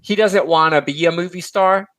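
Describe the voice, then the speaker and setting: Chatty man with a fairly high voice, dry sound. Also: dry recording. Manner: animated, chatty, quick asides. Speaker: podcast host. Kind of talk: casual film discussion.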